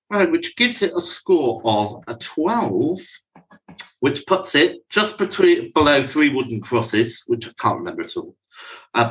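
A man's voice: mid-range voice, fairly bright tone, a little hiss or hum. A man co-hosting a casual podcast, teasing and bossy in his chat. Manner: teasing, bossy, quick to mock. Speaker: podcast co-host. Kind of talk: casual chat reviewing songs.

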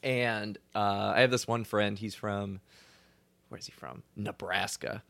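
A man's voice: on the low side, fairly even intonation, unhurried, creaky, a bit bright, no echo. A young man from Louisiana co-hosting a podcast, chatting casually with a laid-back manner, swearing and laughing often. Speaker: podcast co-host. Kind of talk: casual chat.

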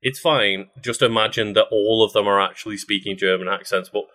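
A man co-hosting a casual podcast chat, reading out film facts with frequent ums and pauses. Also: lowish voice, steady tone, bright, forceful tone. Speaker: podcast co-host.

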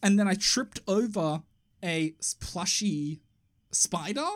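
A man's voice: sits high, slow. A man, a podcast co-host, telling a long story in casual chat and swearing freely. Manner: profane, animated storyteller.

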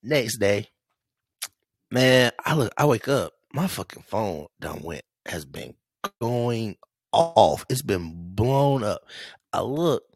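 A man telling a story on a casual podcast, profane and animated, acting out what friends said. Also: mid-range voice, slow, dry recording. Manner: animated, profane, laughing, acts out quotes. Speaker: podcast host.

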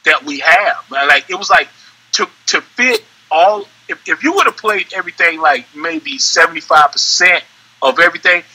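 A young adult man co-hosting a podcast in casual chat, animated and rambling, repeating words as he talks. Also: a little high, normal speed, husky, rough recording. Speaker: podcast co-host.

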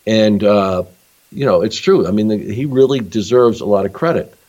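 A man's voice: lowish voice, normal speed, darkish tone, dull audio. A man hosting a podcast interview, talking in an easygoing, reflective way. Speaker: podcast host.

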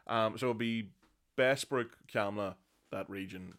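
A man's voice: fairly low pitch, measured pace, fairly bright tone. A man in his thirties with a South Armagh accent, a podcast guest chatting casually with dry, self-deprecating humour. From South Armagh, Northern Ireland.

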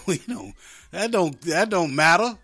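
A slightly high-voiced man hosts a radio show in a loose, rambling monologue. He jokes and chuckles as he goes, piling up fillers and restarts between points. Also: expressive, a little slow, bright, forceful tone. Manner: rambling, joking, laughs often.

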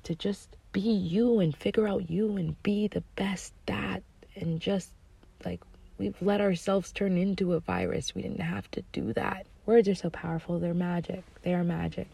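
A woman's voice: on the low side, gravelly, dark tone, slightly rough, dry recording. A woman giving a rambling, emphatic spiritual monologue, swearing often and sometimes dropping to a whisper.

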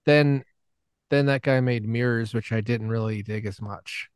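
A man with a smooth, clear voice trades easygoing thoughts on films in a podcast chat. He often laughs and restarts his sentences. The recording is dry and close. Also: mid-range voice, fairly even intonation, measured pace, no room sound. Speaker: podcast panelist. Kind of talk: casual film chat.

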